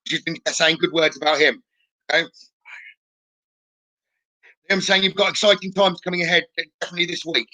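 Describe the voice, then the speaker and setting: A man giving chatty live-streamed spirit readings as a psychic medium, often checking in with a quick "okay?". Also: a little high, steady tone, sharp tone. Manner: chatty, relays messages with frequent "okay?".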